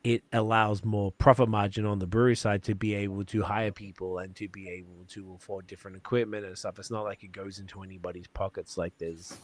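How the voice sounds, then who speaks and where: A man's voice: fairly low pitch, little pitch movement, fairly quick, few pauses. A man hosting a podcast, chatting casually and rambling with swearing and fillers. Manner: loose and profane, rambling with lots of fillers. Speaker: podcast host.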